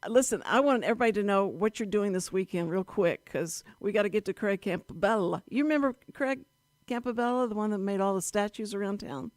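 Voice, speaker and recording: A bubbly woman hosts a live talk show from a community radio studio. She gushes and chats in quick asides, at a middling pitch, and the booth sounds dry and close. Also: darkish tone, no room sound.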